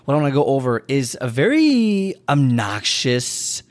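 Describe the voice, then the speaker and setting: A man's voice: medium pitch, big pitch swings, unhurried. A man who works as a fitness and nutrition trainer, talking casually on his own podcast and rambling with lots of fillers and repeats.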